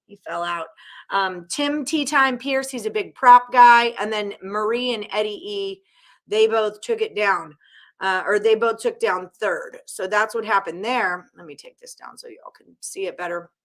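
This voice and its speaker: A woman's voice: medium pitch, a little slow, fairly bright tone. A woman hosting a casual live-stream sports betting show, chatting to viewers in an upbeat, teasing way as she rattles off names and scores.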